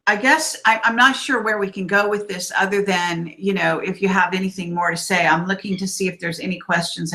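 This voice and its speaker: A woman hosting an online live-stream interview, asking questions haltingly with many fillers. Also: on the low side, bright, forceful tone, low-quality recording. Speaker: host.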